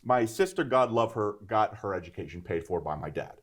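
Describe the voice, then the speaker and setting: Male guest, 50s, animated storyteller with conversational asides. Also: fairly low pitch, brisk. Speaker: guest entrepreneur.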